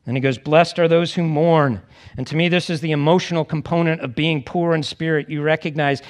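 A man preaching a conversational sermon to a congregation, acting out quoted voices with lively expression. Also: fairly high pitch, brisk. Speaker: pastor.

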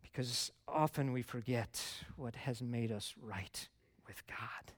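A man's voice: mid-range voice, slow pace, no room sound. A middle-aged man preaching a sermon in a conversational, earnest way, pressing hard on key words. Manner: conversational, earnest, rising to emphatic stresses. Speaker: pastor.

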